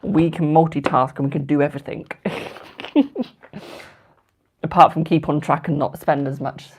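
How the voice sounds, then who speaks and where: A man's voice: on the high side, fairly even intonation, normal speed, breathy edge. A twenty-year-old man giving tarot readings on a live stream, chatting casually and affectionately calling viewers darling and boo. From United Kingdom. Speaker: tarot reader.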